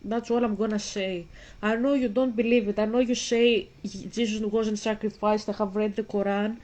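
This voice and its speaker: Woman streamer, earnest and preachy, mid-pitched, flat delivery. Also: normal speed, poor audio. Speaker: gaming streamer. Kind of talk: casual talk while playing a video game.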